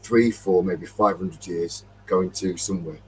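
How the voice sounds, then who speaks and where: A Derbyshire man with an English Midlands accent hosts a casual metal detecting chat, a few beers in, rambling through a story and acting out the dialogue. His voice is deep and his pace moderate. The recording is poor, with a distant mic and a bit of hiss or hum.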